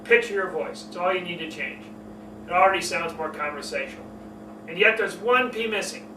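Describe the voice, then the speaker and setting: A man coaching on public speaking, talking expressively and showing shifts in pace and pitch as he explains. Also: a little fast, echoey room, distant mic, background noise. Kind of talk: instructional talk to camera.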